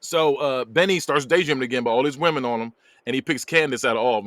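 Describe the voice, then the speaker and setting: A man's voice: mid-range voice, fast, a bit bright, dry recording. A man casually recapping a movie plot on a podcast, acting out the characters' lines and laughing along. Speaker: podcast host. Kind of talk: casual movie review chat.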